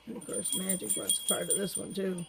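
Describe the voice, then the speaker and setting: A woman's voice: mid-range voice, level tone, brisk, creaky, very noisy. A woman filming her pets at home, chatting and coaxing them in a sing-song voice. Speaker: pet owner filming her animals. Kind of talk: casual home video chat.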